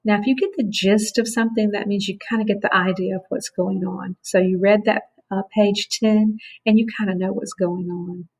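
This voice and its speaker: A woman teaching a phonics lesson to children, speaking clearly and encouragingly as she sounds out words. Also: medium pitch, fairly even intonation, moderate pace, few pauses, darkish tone.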